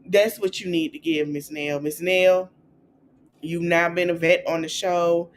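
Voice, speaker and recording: A woman hosting a podcast, recapping celebrity gossip in a chatty, animated way and acting out quotes in a high, playful voice. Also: a little slow, slight background noise. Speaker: podcast host.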